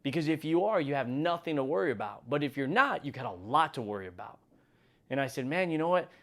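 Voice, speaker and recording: A middle-aged man giving an emphatic motivational talk as the host, building from calm reflection to near shouting. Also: medium pitch, fast. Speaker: motivational speaker.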